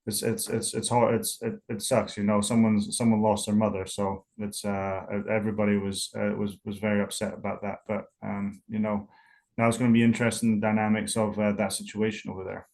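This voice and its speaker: A man's voice: lowish voice, little pitch movement, brisk, gravelly, a little mellow. A young man with a Scottish accent, a football punter talking casually as a guest in an interview and rambling through many fillers and restarts.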